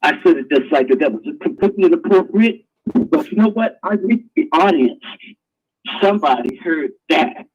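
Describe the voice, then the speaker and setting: Husky man ranting on a lo-fi stream. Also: fairly high pitch, expressive, normal speed. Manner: ranting, preachy, crude. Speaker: host. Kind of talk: live online talk show.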